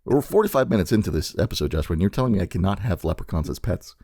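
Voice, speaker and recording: Gravelly, animated man hosting a podcast. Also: deep voice, very fast, few pauses, dry recording. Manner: playful, theatrical, swears casually. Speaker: podcast co-host. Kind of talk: casual podcast banter.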